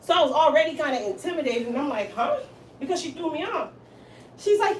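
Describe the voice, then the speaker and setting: A woman with a fairly high voice, chatting in her hair salon and telling a story. She acts out each person's lines with plenty of laughter. She sits back from the mic in a roomy space, with a faint hiss underneath. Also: a little fast, far from the mic. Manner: animated, acts out quoted lines, laughs often. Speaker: hairstylist and salon owner. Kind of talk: casual storytelling chat.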